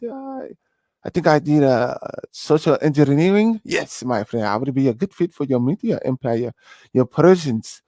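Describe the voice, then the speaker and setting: A man's voice: medium pitch, warm tone, no room sound. A man putting on a fawning, groveling job-seeker voice. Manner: wheedling, servile, mock-humble.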